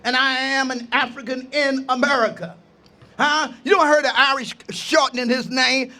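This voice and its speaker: An older man, an imam, giving an impassioned outdoor speech at a park gathering, preaching with refrains and rising to shouts. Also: extremely high pitch, fairly even intonation, moderate pace. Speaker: imam speaking at a ceremony.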